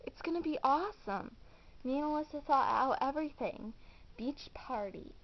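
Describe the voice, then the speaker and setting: A woman's voice: high voice, expressive, moderate pace, muffled recording. A girl voicing an eager, hopeful girl hosting a party, upbeat and reassuring.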